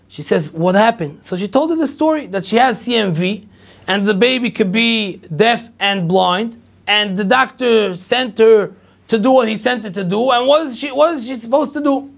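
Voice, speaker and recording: A middle-aged rabbi lecturer tells a personal story to an audience, acting out the dialogue with plenty of repetition. His voice is high-pitched with vocal fry.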